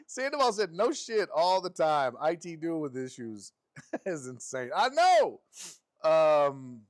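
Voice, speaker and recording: Animated male streamer reading viewer messages. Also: slow. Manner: animated and affectionate, with frequent laughs and pitch jumps. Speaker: sports streamer and host.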